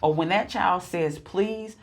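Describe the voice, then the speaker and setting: A woman with a lowish voice co-hosting a faith podcast. She talks in a preaching rhythm, repeating phrases for emphasis and building her points one line at a time. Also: takes it slowly. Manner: repetitive, emphatic, preacher-like cadence. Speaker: podcast co-host. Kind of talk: preaching-style faith chat.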